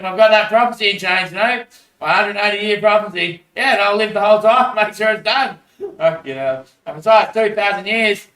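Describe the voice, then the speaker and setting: A man's voice: sits high, moderate pace, bright, forceful tone. An Australian man in a rambling casual monologue, swearing a lot and laughing between phrases. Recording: echoey room, voice far from mic.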